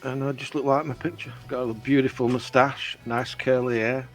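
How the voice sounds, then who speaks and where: A man's voice: mid-range voice, flat delivery, moderate pace, soft background music. A man playing a tabletop role-playing game, describing his character hesitantly as he thinks aloud. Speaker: player.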